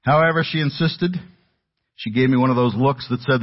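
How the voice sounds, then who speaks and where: A middle-aged man preaching a sermon in an earnest, emphatic way, dropping his voice low at key words. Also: moderate pace. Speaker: pastor. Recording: dull lo-fi audio.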